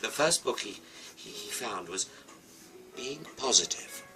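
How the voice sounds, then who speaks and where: A man's voice: medium pitch, expressive, a little slow, recorded from a distance, music in the background, low-quality recording. A British man telling a comic story with a toy, chatty and playful, with asides to the viewer.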